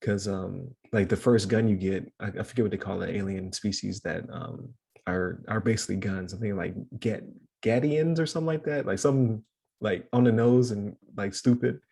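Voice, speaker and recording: Gravelly, husky-voiced man chatting casually. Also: fairly low pitch, normal speed, warm tone. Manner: rambling, laughs often, many fillers. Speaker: podcast co-host. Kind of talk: casual chat.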